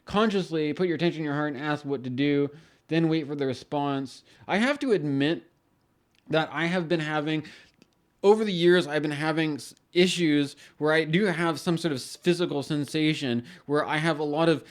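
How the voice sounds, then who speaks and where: A man's voice: on the high side, normal speed. A man hosting an astrology channel, talking in a casual rambling monologue with many restarts and casual swearing.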